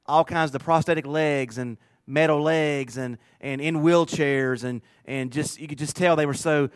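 A man's voice: a little high, fairly even intonation, normal speed, clear, resonant tone, dry recording, studio quality. A male pastor preaching a sermon in a conversational, emphatic way, often repeating phrases.

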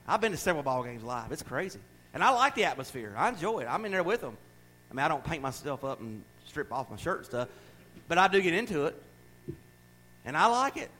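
Middle-aged preacher, emphatic delivery, somewhat high-pitched. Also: male voice, rough recording. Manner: emphatic, drops into quiet asides. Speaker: pastor. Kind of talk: sermon.

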